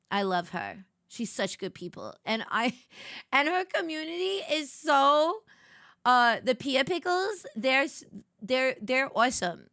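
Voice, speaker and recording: Woman streamer, bubbly and gushing, bright tone, dry close mic. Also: mid-range voice, no echo. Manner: bubbly and gushing, sudden squeals and soft whispers. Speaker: VTuber streamer. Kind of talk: casual late-night stream chat.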